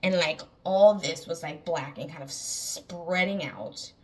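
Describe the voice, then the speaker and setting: A woman's voice: sits low, slow, darkish tone, far from the mic. A woman casually retelling a frightening dream, with many fillers and repeated phrases, a little away from the mic. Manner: rambling, filler-heavy, lots of "like". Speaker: artist telling a dream story. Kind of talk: casual storytelling.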